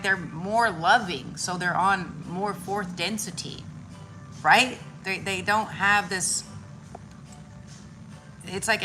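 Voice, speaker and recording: A woman chatting casually about spirituality, loose and slangy, swearing freely and acting out little voices as she tells stories. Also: lowish voice. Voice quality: animated storytelling with voices. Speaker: spiritual content creator.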